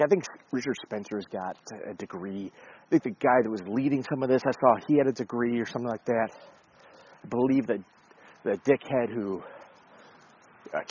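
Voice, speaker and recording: A man's voice: mid-range voice, darkish tone, dull audio, slight background noise. A man giving blunt, profane, casual commentary, talking in a conversational way with frequent restarts.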